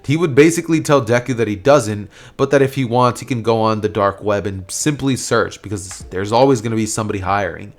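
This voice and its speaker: A man's voice: lowish voice, a little fast, few pauses, soft background music. A man casually narrating a fan story, rambling with lots of fillers and restarts.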